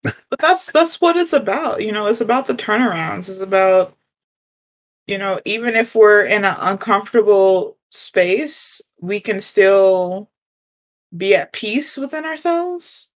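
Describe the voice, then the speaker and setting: A woman co-hosting a relaxed spiritual conversation, with a gentle, reflective way of talking. Her voice sits in a middle range, and she laughs easily between thoughts. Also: mid-range voice, unhurried. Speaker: podcast co-host. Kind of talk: casual spiritual chat.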